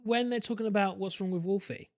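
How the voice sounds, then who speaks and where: A man talking films on a podcast, blunt and animated, cursing as he makes his point. His voice sits a little high, and it is recorded close and dry. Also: fast, dry recording. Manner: opinionated, animated, swears freely. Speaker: podcast co-host. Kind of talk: casual film discussion.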